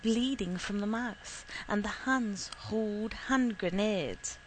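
A woman voicing a lanky young soldier, terse and brooding, speaking in short, quiet lines. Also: mid-range voice, takes it slowly, slight background noise, natural voice, poor audio. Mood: hushed.

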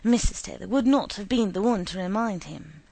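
A woman narrating a story in an expressive, dramatic reading. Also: mid-range voice, moderate pace, vocal fry, no echo.

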